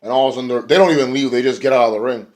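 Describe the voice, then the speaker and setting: A man's voice: medium pitch, very fast, darkish tone. Rambling, profane man recapping wrestling. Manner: rambling and profane, acts out quotes. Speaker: wrestling show reviewer. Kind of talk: casual recap rant.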